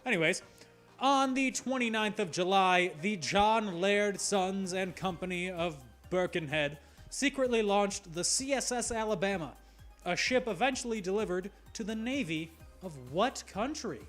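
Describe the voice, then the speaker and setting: A man's voice: sits high, a little slow, a bit bright, soft background music. A man hosting a live trivia show, reading questions with playful jokey asides. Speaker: trivia quiz host.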